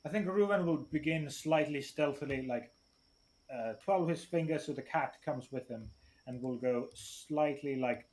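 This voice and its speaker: A man with an ordinary mid-range voice plays a tabletop role-playing game. He pauses often and thinks aloud while he plans his character's actions. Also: mid-range voice, darkish tone. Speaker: player.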